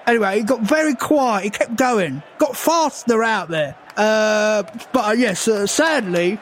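A man with a high voice rambles through an absurd tale in a deadpan way, stalling on fillers and restarts. A faint hum of ambience sits behind him. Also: unhurried, few pauses. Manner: rambling, hesitant, full of fillers. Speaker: improvised comedy guest. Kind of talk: deadpan improvised comedy character.

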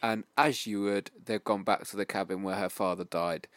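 A man's voice: fairly low pitch, steady tone, moderate pace, fairly bright tone, dry recording. A man co-hosting a podcast, recapping a film's plot in a loose, sweary, casual way. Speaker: podcast co-host. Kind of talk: casual film review chat.

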